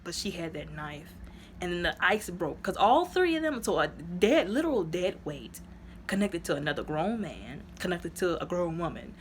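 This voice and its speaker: A woman's voice: fairly low pitch, sing-song, moderate pace, slight background noise. A woman reviewing a movie in a casual, chatty retelling, full of fillers, who acts out the characters' lines.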